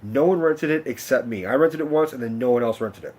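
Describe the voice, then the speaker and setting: A man's voice: mid-range voice, brisk, darkish tone, husky. A young man telling a rambling personal story to his vlog audience, swearing freely and cutting himself off. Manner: rambling, profane, self-interrupting. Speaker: vlogger.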